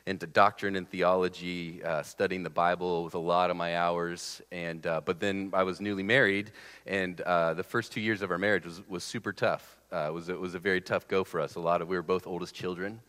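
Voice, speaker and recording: A man's voice: sits low, little pitch movement, fairly bright tone, clean tone, long reverb tail. A man in his thirties preaching a sermon in a casual, conversational way, often stopping and restarting his sentences. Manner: conversational, halting, with many restarts. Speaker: pastor.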